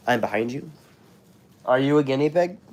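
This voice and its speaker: A man's voice: medium pitch, expressive, normal speed, darkish tone. A young American man hosting a live stream, chatty and rambling, his throat scratchy and sore from being sick. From United States. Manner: rambling, many fillers and restarts. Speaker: channel host. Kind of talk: live stream chat, reading comments.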